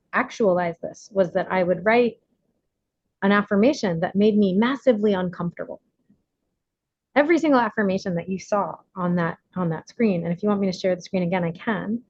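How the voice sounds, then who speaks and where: A woman's voice: medium pitch, a little mellow, no echo. A woman leading a recovery workshop over a video call, chatty, laughing often and using lots of fillers. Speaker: workshop leader. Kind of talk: casual recovery workshop talk. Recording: slightly muffled video call audio.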